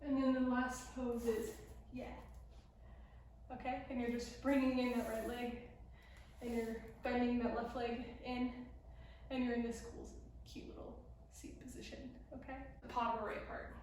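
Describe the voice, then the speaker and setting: A woman's voice: a little high, level tone, moderate pace, a little mellow, slight background noise. A young woman teaching a beginner dance routine, talking while she demonstrates the moves and sometimes out of breath. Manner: talks while demonstrating moves, counting and singing lyric snippets. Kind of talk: casual dance tutorial instruction. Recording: very echoey room, speaker far from mic.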